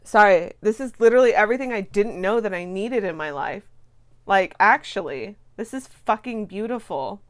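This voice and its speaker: A woman's voice: medium pitch, moderate pace. Gushing woman reacting with swears. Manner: gushing, excitable, swears freely, trails off in fillers. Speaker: reaction video host. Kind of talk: casual reaction commentary.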